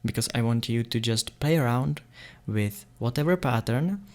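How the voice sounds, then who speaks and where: A man walks beginners through beatbox sounds in a loose, chatty tutorial. His voice sits at an ordinary, middle pitch. He talks playfully and gets excited easily, breaking into laughter. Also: moderate pace. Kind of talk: casual tutorial explanation.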